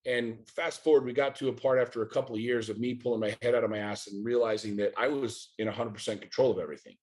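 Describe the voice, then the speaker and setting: A middle-aged man from the United States talks as a podcast guest in a mid-pitched voice. He is blunt and profane, hammering his points home with rapid rhetorical questions. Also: steady tone, a little mellow. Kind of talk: candid interview talk.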